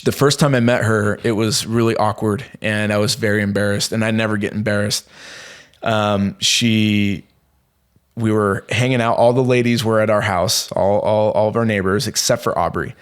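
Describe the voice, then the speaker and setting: Rambling low-voiced man telling a story. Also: smooth. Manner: rambling, animated storytelling with many fillers and restarts. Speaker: podcast guest. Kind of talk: casual storytelling.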